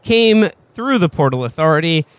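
A man's voice: a little high, lively intonation, normal speed, dry recording. A man playing a tabletop game, speaking in character with grandiose vows and stuttered starts. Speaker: player. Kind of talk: in-character role-play.

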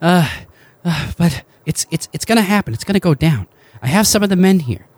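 A man's voice: animated, fairly quick, darkish tone, slightly rough, no echo. A man voicing a weary, rambling male rebel leader in a tabletop game, sighing as he talks. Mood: eager. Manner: sighing, rambling, high-strung. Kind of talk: tabletop role-play character voice.

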